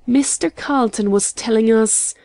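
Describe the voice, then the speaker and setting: A woman's voice: fairly high pitch, a little slow, dark tone, no echo. Prim, tentative aunt, read by a woman. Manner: tentative, reproving. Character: proper, tentative middle-aged aunt.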